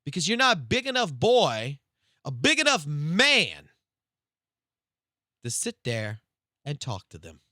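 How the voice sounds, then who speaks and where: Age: young adult. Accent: South Louisiana Cajun. Tone: loud, profane rant. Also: male voice, wildly swooping pitch, slow pace, long pauses, no echo, clean studio sound. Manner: loud, emphatic and profane, swinging between loud and low-key. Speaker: live streamer. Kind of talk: casual stream rant.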